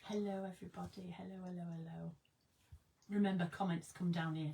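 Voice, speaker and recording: A woman's voice: lowish voice, steady tone, normal speed, creaky, mellow, slight background noise, low-quality recording. A woman chatting casually on a craft livestream from her studio, giggling and greeting viewers by name. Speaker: craft live streamer. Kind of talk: casual live-stream chat.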